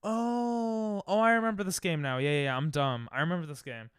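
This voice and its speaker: A young man streaming casually, reacting excitably and thinking aloud while he plays, sounding tired. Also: on the high side, a little fast, smooth, dry recording, studio quality. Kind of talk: casual live-stream chat while playing games.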